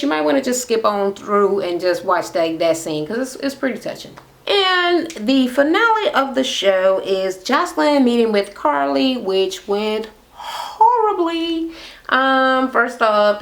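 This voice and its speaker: A woman talks straight to her camera, recapping a reality TV episode. She is blunt and sarcastic, and she swears constantly. Her voice sits in an ordinary middle pitch. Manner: blunt, sarcastic, heavy swearing, animated retelling. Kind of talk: casual profane recap rant. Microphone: camera mic.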